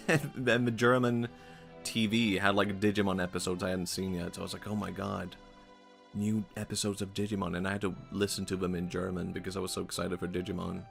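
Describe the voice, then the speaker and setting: A low-pitched man with a gravelly, creaky edge to his voice, rambling chattily as he comments on a game he's streaming. He laughs a lot between thoughts, and soft game music plays faintly underneath. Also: flat delivery, fairly quick. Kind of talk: casual gameplay commentary.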